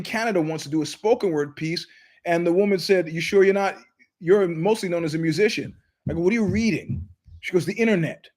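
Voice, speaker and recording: A middle-aged man hosting his show, telling stories in an emphatic, digressive way and acting out the people he quotes. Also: high voice. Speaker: show host. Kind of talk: animated storytelling monologue.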